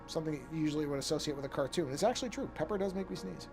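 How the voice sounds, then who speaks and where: A gravelly, somewhat higher-voiced man talks loosely at his desk mic while he works on a picture, circling back and restarting his thoughts. He keeps yawning as he speaks, and soft music plays faintly behind him. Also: very fast. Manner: rambling, thinks aloud, frequent restarts. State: yawning often. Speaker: artist streaming his work. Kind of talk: casual live-stream talk while painting.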